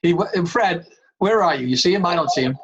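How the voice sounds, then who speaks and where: Man, high pitch, emphatic meeting chair on a video call. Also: lively intonation, fairly quick, fairly bright tone, muffled recording, a little hiss or hum. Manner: emphatic, calls on members by name. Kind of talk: online board meeting.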